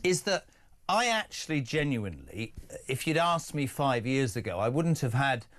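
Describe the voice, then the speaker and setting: A middle-aged Englishman hosting a radio phone-in, animated and emphatic with jokey asides. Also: mid-range voice, normal speed. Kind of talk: opinionated talk radio. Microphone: studio microphone.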